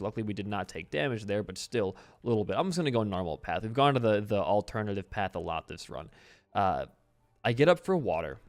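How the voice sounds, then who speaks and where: A young adult man talking through a video game while telling a story, in a chatty, rambling way with casual swearing. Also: mid-range voice. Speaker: gaming video host. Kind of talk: casual let's-play commentary mixed with storytelling.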